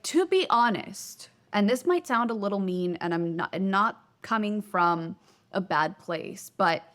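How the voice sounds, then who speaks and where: A woman hosting a self-help video, talking straight to camera in an emphatic way, slowing down to stress key words and acting out little quoted exchanges. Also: medium pitch, fairly bright tone. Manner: acts out quoted speech in little skits. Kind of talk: motivational talk to camera.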